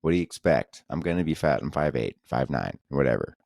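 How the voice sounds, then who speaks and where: A man with an extremely deep, low voice hosts a solo podcast, rambling loosely from one thought to the next and peppering his talk with crude jokes and swearing. The sound is close and dry, with no room echo. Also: big pitch swings, a little fast, gravelly, darkish tone. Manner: rambling, profane, joking. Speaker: podcast host.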